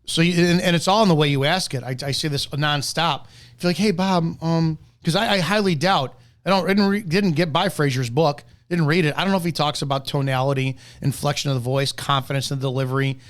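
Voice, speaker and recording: A man's voice: fairly high pitch, steady tone, brisk. A man giving blunt, combative reaction commentary on sales methods, ranting with profanity. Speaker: network marketing commentator.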